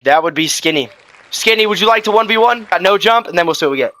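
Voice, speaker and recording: A man streaming ranked gameplay, commenting live and trash-talking with sudden shouts. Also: high voice, animated, quick pace.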